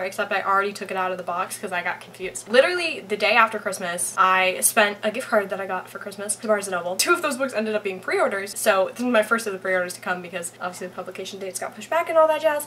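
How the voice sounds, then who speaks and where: Young female book vlogger, casual chat at home, bubbly and giggly, bright tone, slight hiss on the camera mic. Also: medium pitch. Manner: bubbly and giggly, gushing with excitement.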